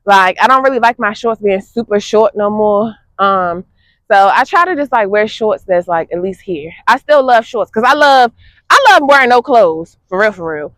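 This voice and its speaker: A young woman, chatting casually to her viewers in an animated way, laughing often. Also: mid-range voice, moderate pace, no echo. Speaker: fitness vlogger. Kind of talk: casual vlog chat to viewers.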